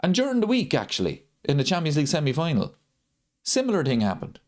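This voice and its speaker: His voice runs on the high side with huge swings in pitch, a quick pace, and a slightly mellow tone. He hosts a live football watchalong, ranting and hammering points through repetition.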